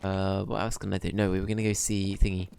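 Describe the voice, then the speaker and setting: Streamer type: man, rambling and cursing, gravelly low voice, casual play-along commentary. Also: little pitch movement, quick pace, a little mellow, a little hiss or hum. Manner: rambling, swearing, talks to himself.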